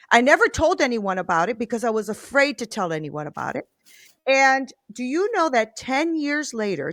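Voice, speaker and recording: A middle-aged woman hosting a podcast interview, telling a personal story in an earnest, animated way. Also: on the high side, no room sound, studio quality. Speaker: podcast host. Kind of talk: conversational interview.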